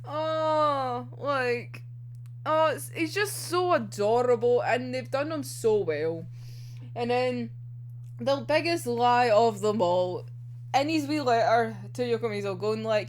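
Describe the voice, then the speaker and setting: Woman reacting to an anime ep, giggly and sweary, high bouncy voice. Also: takes it slowly, slight background noise. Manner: excitable, laughs often, swears freely. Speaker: anime reviewer. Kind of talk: casual episode reaction vlog.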